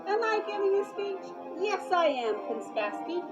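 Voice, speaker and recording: A woman's voice: extremely high pitch, big pitch swings, unhurried, voice pushed up, full character voice. A woman voicing a pompous, self-centered male superintendent who whines like a child having a tantrum, in a storybook reading. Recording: dull lo-fi with loud music.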